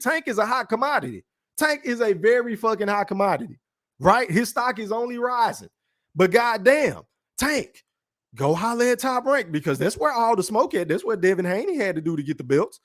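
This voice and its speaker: High-pitched guy ranting on his podcast, cussing a lot, real blunt and casual. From Texas. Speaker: podcast host. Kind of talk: casual boxing rant and livestream chat.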